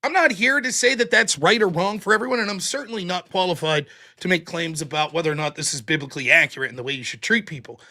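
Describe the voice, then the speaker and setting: A man's voice: high voice, fast, sharp tone. A man hosting a livestream commentary show, talking bluntly and swearing freely. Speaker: host.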